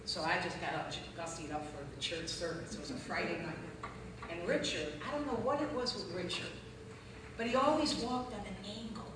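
A woman tells her testimony to a church crowd, animated and at times shouting. She is caught from a distance in a very reverberant hall, with audible room noise behind her. Her pitch sits in the middle of the range for a woman. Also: a little fast. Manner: animated storytelling, rising to loud shouting peaks. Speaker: guest speaker giving testimony. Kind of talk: testimony talk to a church audience. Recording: echoey hall recording from far off, with crowd ambience.

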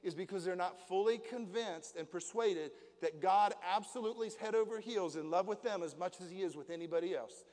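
A man's voice: high voice, brisk, few pauses, darkish tone. A middle-aged pastor preaching to his congregation in a folksy way, asking them questions as he goes. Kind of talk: sermon. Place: church hall. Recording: long hall reverb.

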